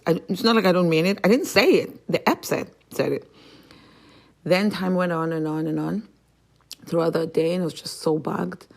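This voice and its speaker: A woman hosting a podcast, venting about family in a heated, profane monologue that jumps sharply higher and louder when she gets angry. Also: fairly even intonation, normal speed, creaky. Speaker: podcast host.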